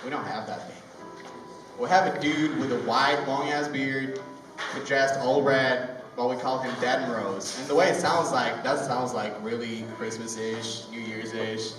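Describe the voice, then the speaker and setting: A man's voice: medium pitch, fairly even intonation, music in the background. A young man from Ukraine with a Ukrainian accent, a native Russian speaker doing stand-up at an open mic in a rambling storytelling way. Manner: rambling, conversational storytelling with halting restarts. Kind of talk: stand-up comedy. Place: comedy club open mic. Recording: echoey room, mic far off, ambient noise.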